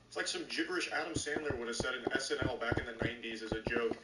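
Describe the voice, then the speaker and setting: A man's voice: medium pitch, steady tone, racing, hardly any pauses. A man streaming and reacting to videos, giving sarcastic, profane commentary. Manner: sarcastic, swears often. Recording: roomy, distant, noisy mic.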